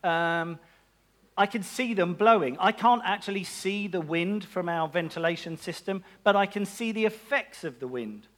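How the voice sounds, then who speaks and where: A man with a notably high voice gives a relaxed, humorous sermon. He moves easily between scripture and jokey side remarks about his own life. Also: moderate pace. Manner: chatty and self-mocking, with asides and laughs. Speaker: preacher.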